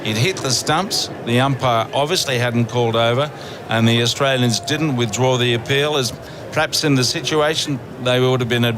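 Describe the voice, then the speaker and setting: Male cricket commentator, steady and descriptive, mid-pitched voice, live broadcast with a booing stadium crowd loud behind him. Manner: measured, descriptive play-by-play. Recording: loud crowd and outdoor noise.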